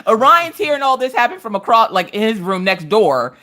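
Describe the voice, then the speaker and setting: Her fairly high, fairly quick voice bubbles with laughter as this woman in her thirties hosts a casual livestream, animatedly sharing stories about her family.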